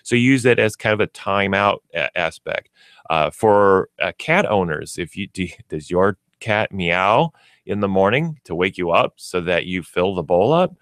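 Low-voiced man explaining pet training. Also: expressive, a little slow, a bit bright, no echo, clean studio sound. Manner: explanatory, uses everyday examples and acts out pets. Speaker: pet store expert guest. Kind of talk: radio talk show. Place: radio studio.

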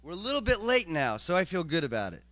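A man casually opening a seminar, relaxed and wry. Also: a little high, fast talker. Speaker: seminar organizer.

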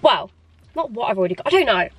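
A young woman talks excitedly to her viewers, her voice sitting fairly high and a touch hoarse. She gushes and fills her sentences with "like" in a casual vlog style. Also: quick pace, poor audio. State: slightly hoarse. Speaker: vlogger. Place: in a parked car, then in a shop.

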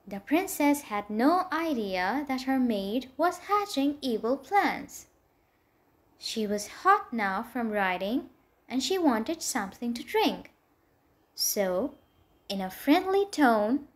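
A woman narrating a fairy tale in a measured storybook reading. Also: a little high, sing-song.

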